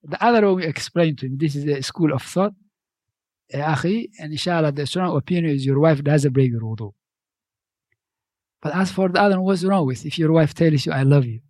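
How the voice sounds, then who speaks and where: Guy preaching in english, kinda high voice, dry close sound. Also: fairly quick, darkish tone, no echo. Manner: conversational, repeats phrases, non-native grammar. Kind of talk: sermon.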